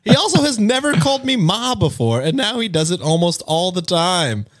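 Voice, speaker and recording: Lively man reading aloud. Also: sits high, moderate pace. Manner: reads with laughs and jokey asides. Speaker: co-host reading a post aloud. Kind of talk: casual reading and reacting.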